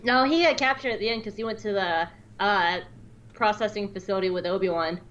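A woman's voice: medium pitch, a little fast, a bit bright, muffled recording. Giggly playful female podcast co-host. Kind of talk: casual podcast chat.

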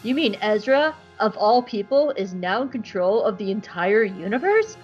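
A woman voicing a dismayed, sardonic young rebel woman in a comedic recap, with a deadpan delivery. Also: medium pitch, moderate pace, lo-fi sound, soft background music, lightly acted.

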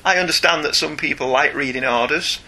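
A man's voice: fairly high pitch, brisk, gravelly, a little hiss or hum. A man co-hosting a casual podcast, chatting and reading listener emails aloud with frequent laughs. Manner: chatty, animated, laughs often, reads aloud. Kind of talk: casual chat.

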